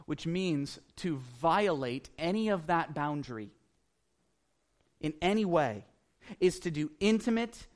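A pastor preaching an earnest sermon, repeating phrases for emphasis and building in intensity. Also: male voice, a little high, animated, takes it slowly.

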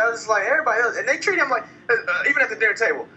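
A man's voice: very high-pitched, racing, a little hiss or hum, poor audio. A man ranting casually about a movie, swearing a lot and acting out lines from it. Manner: animated, profane, acts out quoted lines. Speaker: movie reviewer. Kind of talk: casual profane movie rant.

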